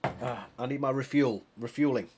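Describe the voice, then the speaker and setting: A man's voice: medium pitch, moderate pace, darkish tone, a little hiss or hum. A British man reading a novel aloud, breaking off into chatty, laughing asides and correcting himself as he goes. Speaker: reader of a book series.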